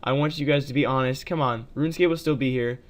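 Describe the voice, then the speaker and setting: Male gaming video creator, casual talk, smooth clear voice, mid pitch. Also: quick pace. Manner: chatty, addresses viewers as guys, many fillers. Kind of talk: casual gameplay commentary.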